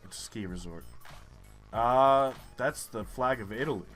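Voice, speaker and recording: A man's voice: medium pitch, a little slow, a bit bright, soft background music. A young man giving profane, frustrated commentary while playing a geography guessing game. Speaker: gaming YouTuber. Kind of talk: live gameplay commentary.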